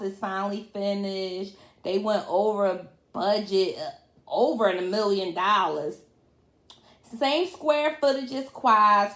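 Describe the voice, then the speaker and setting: A woman talks through a reality show episode in loose, colloquial recap chat, full of fillers and quick laughs. Her voice sits at a middle pitch. The sound carries a noticeable room echo. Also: fairly bright tone. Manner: chatty, colloquial, laughs often, many fillers.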